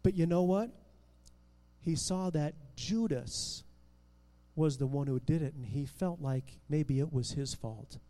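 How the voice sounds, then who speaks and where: A man telling a Bible story dramatically, expressive and full of restarts and swings in loudness. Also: on the high side, unhurried, in a large hall, low-quality recording.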